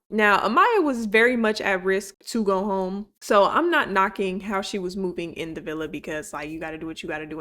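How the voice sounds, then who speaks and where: A young woman casually recapping a reality show for her channel, animated and chatty, laughing often and swearing freely. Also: mid-range voice. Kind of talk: casual commentary.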